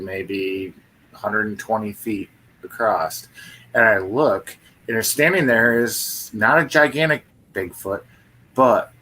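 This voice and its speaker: A man's voice: fairly low pitch, pushed and bright, a little hiss or hum. A man co-hosting a live stream, chatting casually and eagerly telling a story of his own. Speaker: co-host of a live paranormal show.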